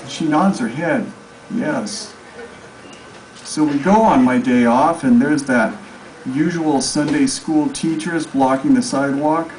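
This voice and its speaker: A man reading his own story aloud at a live public event, telling it in a deadpan way. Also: on the high side, slow pace. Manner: deadpan storytelling, crowd laughing along. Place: live reading venue with audience. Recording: distant mic with loud crowd and noise.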